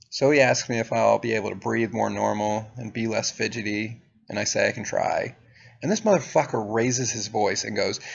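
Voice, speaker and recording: A young man recounts a story to camera in a casual, profane, sardonic tone. His voice is gravelly and husky. The recording sounds dull and lo-fi. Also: fairly low pitch, normal speed. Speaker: vlogger.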